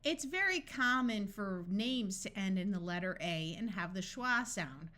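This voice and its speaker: Slow, bright-voiced woman phonics tutor. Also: medium pitch, animated. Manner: slow, clearly enunciated word-by-word reading. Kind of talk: scripted phonics lesson narration.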